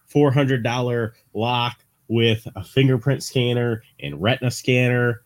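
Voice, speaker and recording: Animated man chatting on a podcast. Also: medium pitch, a little slow. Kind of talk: casual podcast chat.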